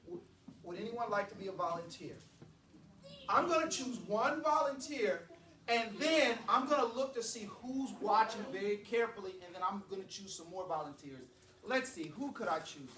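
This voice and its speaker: Lively high-voiced man reading to a class. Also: normal speed. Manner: lively and playful, leads call-and-response with children. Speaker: children's author reading to a class. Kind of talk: animated classroom read-aloud. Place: classroom, indoors. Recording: echoey classroom heard from far off.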